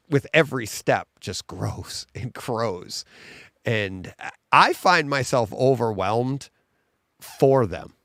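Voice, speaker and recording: A man co-hosting a home theater podcast, chatting casually, laughing often and getting animated when excited. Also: fairly low pitch, gravelly, no echo, clean studio sound. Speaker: podcast co-host. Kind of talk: casual chat.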